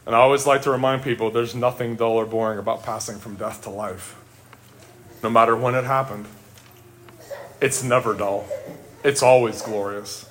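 A middle-aged male pastor preaching a sermon, earnest and emphatic, rising to exclamations and dropping low for quiet reflective asides. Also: fairly even intonation, normal speed, long pauses.

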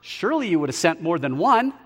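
A man's voice: fairly high pitch, sing-song, fast. A man voicing a stubborn flood victim who pleads and justifies himself, with long hall reverb. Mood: complaining. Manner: pleading, then self-justifying. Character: stubborn flood victim waiting on God, male.

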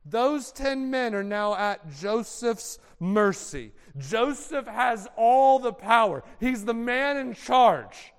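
A man's voice: very high voice, lively intonation, takes it slowly, few pauses, clean tone. A man preaching a sermon, retelling a story dramatically with casual slang. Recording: long hall reverb.

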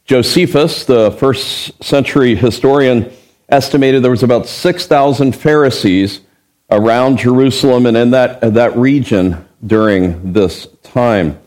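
A man's voice: medium pitch, a little slow, a little mellow. A man preaching an expository Bible sermon as pastor. He is emphatic, asks the listeners rhetorical questions and acts out the verses he quotes.

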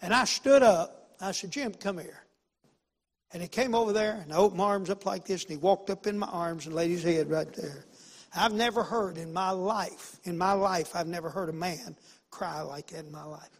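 A pastor telling a story in a sermon, folksy and emphatic, repeating phrases and swinging from loud to hushed. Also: male voice, high-pitched, normal speed, big-room sound.

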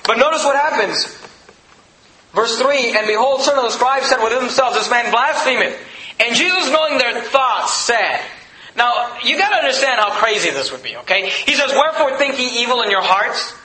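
A male pastor preaching a sermon in an emphatic, conversational way with quick asides. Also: very high voice, animated, echoey room, crowd noise, low-quality recording.

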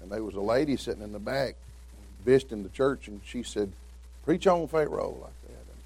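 A man's voice: on the low side, a little mellow, slightly rough. A man from Middle Tennessee with a Southern accent, a visiting preacher telling folksy humorous stories in a sermon. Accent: Southern American, Tennessee. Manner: folksy storytelling, acts out quoted voices.

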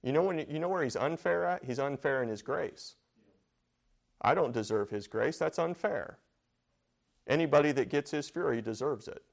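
A man's voice: a little high, lively intonation, moderate pace, gravelly. A man leading a church Bible study in a plain, conversational way. He repeats phrases for emphasis and often turns questions back to the room.

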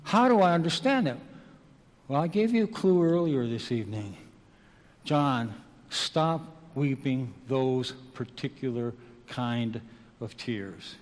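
A man preaching an evening sermon, slow and dramatic, moving between hushed and loud passages. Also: medium pitch, expressive. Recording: long reverb of a large hall.

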